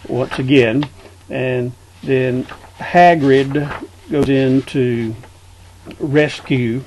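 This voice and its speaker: A man casually discussing a book, talking in an unhurried way and reading passages aloud. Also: mid-range voice, dark tone, a little hiss or hum, rough recording. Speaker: book reviewer.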